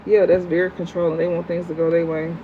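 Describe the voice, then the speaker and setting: A blunt tarot reader talks through a livestream reading in fast, slangy, profane bursts and answers the chat. The audio is thin and phone-like. A faint hum sits underneath. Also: medium pitch, flat delivery.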